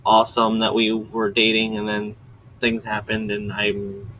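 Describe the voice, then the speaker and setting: A man's voice: lowish voice, completely flat delivery, measured pace, fairly bright tone, a little hiss or hum, poor audio. A man hosting his own video channel, giving a casual, rambling recap and often stopping to correct himself. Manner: chatty, digressive, often stops to correct himself. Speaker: video host summarizing a webcomic.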